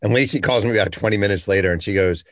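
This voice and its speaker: A man's voice: fairly low pitch, fast, fairly bright tone, dry recording, clean studio sound. A man hosting a podcast interview, talking conversationally and telling examples. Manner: conversational, storytelling. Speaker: podcast host.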